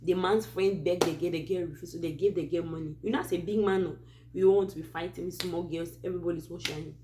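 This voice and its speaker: A Cameroonian woman with a somewhat low, mellow voice tells a true story to her channel's viewers. She speaks in a relaxed, animated way and keeps breaking off for asides. Her Cameroonian English accent colors every line. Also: fast talker, a little hiss or hum. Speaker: host of a Christian advice channel. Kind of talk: casual storytelling.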